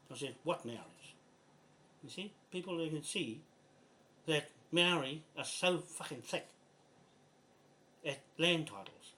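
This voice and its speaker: A man's voice: medium pitch, fairly bright tone, slight background noise. An older man with a New Zealand accent, speaking bluntly and with exasperation in a frustrated, swearing video message. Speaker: land rights activist.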